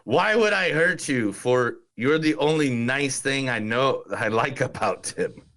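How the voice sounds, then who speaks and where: A man putting on an Irish accent to play a gruff, profane islander, reading lines with exaggeration. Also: mid-range voice, lively intonation, measured pace, a bit bright. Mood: mock Irish. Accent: put-on Irish. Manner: exaggerated, sweary, swallowing laughs between lines. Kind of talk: podcast movie quote reading.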